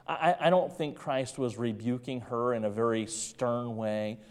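A man preaching an evening sermon in a church, emphatic and repetitive, dropping to soft tones at times. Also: mid-range voice, fairly even intonation, a little slow, clear, resonant tone. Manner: emphatic, repeats key phrases, drops to soft tones. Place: church sanctuary. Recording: long reverb of a large room.

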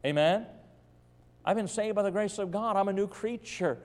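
Male pastor, sermon, fairly high voice, dynamic swings loud to hushed, long church-hall reverb. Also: fairly quick. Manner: preacherly, swings from loud emphasis to soft near-whispers. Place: church sanctuary.

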